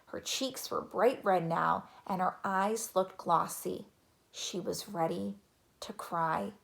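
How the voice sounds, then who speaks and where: A woman narrating a children's chapter book in a gentle, even reading voice. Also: lowish voice, slow, vocal fry. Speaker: audiobook narrator. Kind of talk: storybook narration.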